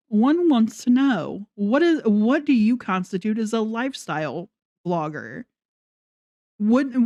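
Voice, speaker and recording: A woman's voice: mid-range voice, a little mellow, dry recording, studio quality. A woman ranting in a casual commentary vlog, sarcastic and mocking, swearing often. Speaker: commentary vlogger.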